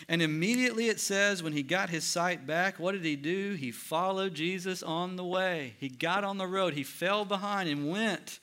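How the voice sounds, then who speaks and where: A man preaching a sermon, swinging between loud emphatic lines and hushed, quiet ones. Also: sits high, normal speed, few pauses, clean tone. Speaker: pastor.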